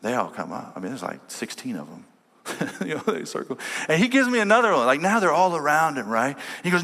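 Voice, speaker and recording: A man preaching a sermon as pastor, telling a personal story and swinging between loud emphatic lines and quiet, low ones. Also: huge pitch swings, a little fast, gravelly. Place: large church hall. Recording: long church-hall reverb.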